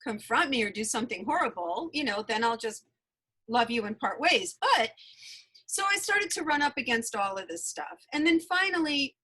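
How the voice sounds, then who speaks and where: A woman's voice: a little high, animated, normal speed, pushed and bright, slightly rough, poor audio. A woman guest in an interview, telling her personal story earnestly and emphatically, often repeating phrases. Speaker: interview guest, energy healer.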